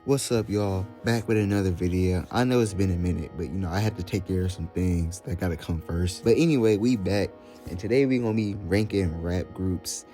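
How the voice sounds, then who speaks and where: A man's voice: deep voice, a little fast, faint music behind. Blunt Southern young man ranting. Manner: blunt, profane, animated ranting. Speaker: YouTuber. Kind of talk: casual commentary.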